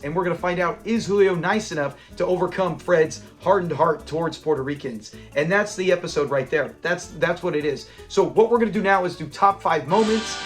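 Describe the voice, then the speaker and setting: A man hosting a channel, casually breaking down a classic sitcom episode, retelling scenes and acting out the lines with frequent laughs. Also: high voice.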